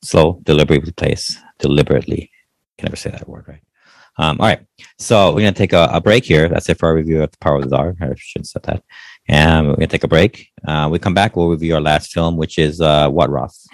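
A man's voice: rumbling low, fairly even intonation, quick pace, dry recording. A man co-hosting a podcast, chatting casually about movies, laid-back, swearing easily and trailing off with fillers. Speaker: podcast co-host. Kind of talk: casual movie review chat.

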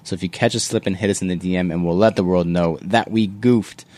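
Podcast host, male, low register, relaxed joking delivery reading out listener messages. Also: quick pace. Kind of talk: casual chat.

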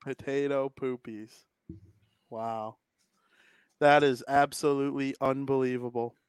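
A man's voice: medium pitch, flat delivery, measured pace, clean tone, no echo. A young adult man co-hosting a casual podcast chat, enthusiastic and jokey. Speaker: podcast co-host.

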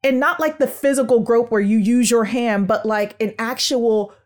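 A woman with a somewhat high voice explains early speech development in a lively podcast lesson. She sounds out syllables to demonstrate and speaks warmly and directly to her listeners, calling them by pet names. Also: normal speed. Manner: calls listeners sugars and world changers. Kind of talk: educational podcast talk.

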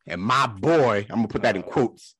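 A man co-hosting a podcast, telling embarrassing stories in a casual, animated way and acting out the voices in them. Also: on the low side, moderate pace, breathy edge, no echo. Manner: animated, laughing storyteller who acts out quotes. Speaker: podcast co-host.

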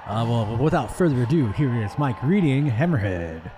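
A man's voice: medium pitch, sing-song, moderate pace. A man co-hosting a podcast, chatting playfully and laughing often while at a fan convention. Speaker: podcast co-host. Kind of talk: casual chat at a fan convention.

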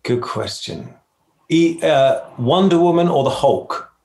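A man, a musical theatre performer, chatting casually as an interview guest with quick, self-deprecating answers. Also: a little high, animated, a little mellow, roomy sound. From United Kingdom.

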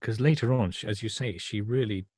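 A man co-hosting a podcast, talking about art in a thoughtful, halting way with many restarts and a husky voice. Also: on the low side, darkish tone, no room sound, clean studio sound. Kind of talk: casual chat about art.

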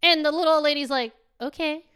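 A woman's voice: fairly high pitch, fast. A woman co-hosting a casual chat, telling a story animatedly, swearing freely and acting out what people said. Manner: animated, swearing, acts out quotes in changing voices. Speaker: podcast co-host.

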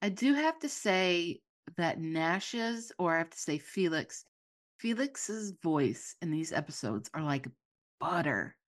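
A woman's voice: on the low side, very animated, takes it slowly, no echo, studio quality. A woman co-hosting a podcast, chatting casually about a TV show, gushing and trailing off mid-thought. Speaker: podcast co-host. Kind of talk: casual chat.

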